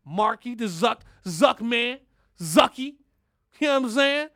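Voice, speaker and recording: A man's voice: very high voice, expressive, a little slow, pushed and bright, no echo, clean studio sound. Brash, profane man ranting on a podcast. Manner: brash, profane, keeps asking "you know what I'm saying". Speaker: podcast host. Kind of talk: profane casual rant.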